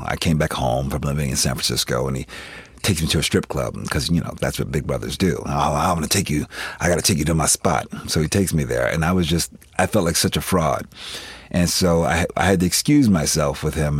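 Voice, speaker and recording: A man's voice: extremely low pitch, slightly rough, dry recording. A man in his fifties, a guest in an interview, candidly telling family stories and laughing often as he acts out relatives' voices. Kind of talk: candid personal storytelling.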